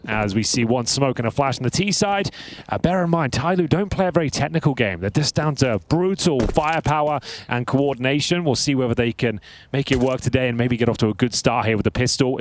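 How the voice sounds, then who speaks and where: A man hosting and calling an esports match play by play, upbeat and brisk. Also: medium pitch, slight background noise. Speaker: esports caster. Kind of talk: play-by-play commentary.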